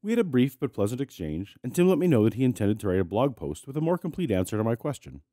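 A man's voice: medium pitch, big pitch swings, quick pace, warm tone, dry recording. A man hosting a commentary show, who narrates a scripted video in a dry, snarky way while sick and congested. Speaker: host.

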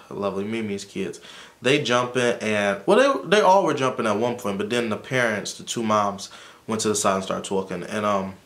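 A man's voice: on the low side, a bit bright. A man casually recapping a reality TV episode for his channel, chatty and opinionated, with many fillers. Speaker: YouTuber reviewing a TV episode.

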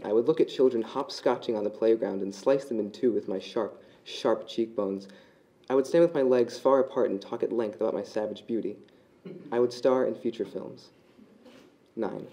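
Deep-voiced man reading dry fiction. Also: warm tone, rough recording. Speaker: reader at a live reading. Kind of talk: reading his own literary fiction aloud.

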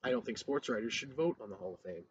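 A man's voice: medium pitch, lively intonation, fast talker, noisy background. A man co-hosting a podcast, chatting casually and bluntly on an outdoor deck, swearing freely. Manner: blunt, profane. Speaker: podcast co-host. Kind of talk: casual chat. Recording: dull lo-fi with faint ambience.

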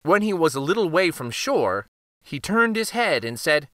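A man hosting a children's read-aloud, narrating a picture book in an expressive storytelling manner. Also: fairly high pitch, moderate pace, no echo, studio quality. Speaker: children's book reader, host.

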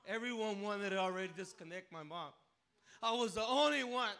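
Man, preacher, high voice, very bright tone, emotional testimony, stammering restarts. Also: brisk. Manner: emotional, repeats words and restarts, swells to near shouting. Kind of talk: sermon testimony. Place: church sanctuary.

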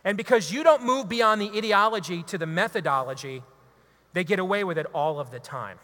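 A high, bright-toned man delivers a fervent talk to a live audience, pressing his points like a preacher. His voice rings out with a long reverb that trails each line. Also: animated, fairly quick. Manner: preachy, emphatic, builds to loud exhortations. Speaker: radio talk show host giving a talk. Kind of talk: impassioned speech to a live audience.

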